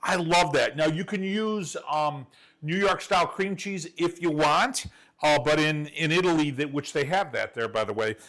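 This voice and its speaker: An enthusiastic man hosts a cooking show from his home kitchen, with a slightly higher voice than most men. He chats folksily and straight to the camera, walking viewers through a recipe. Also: moderate pace, a bit bright. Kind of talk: chatty cooking demonstration.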